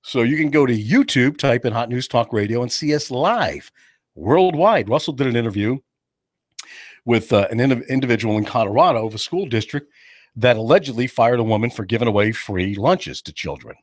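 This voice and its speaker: A man hosts a talk radio show from a studio. His pitch swings widely as he jokes, teases his co-host and acts out other people's voices. The sound is close and dry, with no room echo. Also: lively intonation, brisk. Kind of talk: casual radio chat. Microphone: studio microphone.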